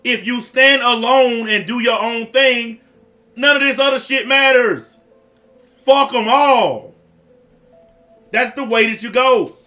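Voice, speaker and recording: High-voiced ranting male commentator. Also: steady tone, a little slow, pushed and bright. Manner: profane, blunt, repetitive ranting.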